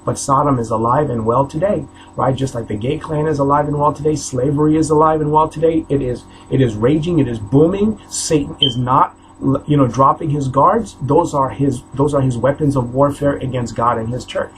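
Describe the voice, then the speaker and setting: A halting, repetitive preacher man in his forties. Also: mid-range voice, a little hiss or hum, poor audio. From New York State. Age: 40s. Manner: repetitive, halting, stammering restarts, preaching cadence. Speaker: self-styled preacher. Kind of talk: impassioned warning sermon to camera.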